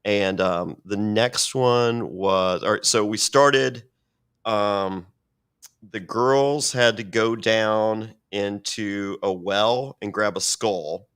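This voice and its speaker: A man's voice: on the low side, takes it slowly, fairly bright tone, clear, resonant tone. Profane rambling man telling stories. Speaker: podcast guest. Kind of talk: casual storytelling.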